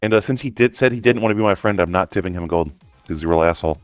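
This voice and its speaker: A man's voice: deep voice, racing, clean tone, no echo, soft background music. A man playing a tabletop role-playing game, joking and slipping into goofy character asides. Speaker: player. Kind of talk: casual tabletop role-play.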